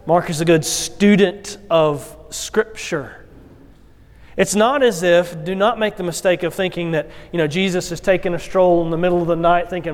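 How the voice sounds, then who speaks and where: Pastor, male, high-pitched, unhurried sermon delivery with acted-out quotes, long church reverb. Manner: expressive storytelling with acted quotes.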